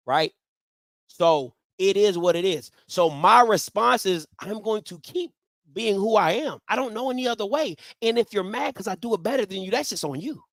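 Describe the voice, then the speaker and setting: High-voiced emphatic man, dry close sound. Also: lively intonation, normal speed, creaky, dry recording. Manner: emphatic, repeats phrases, swings loud and soft. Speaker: live show host. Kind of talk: animated live-stream talk.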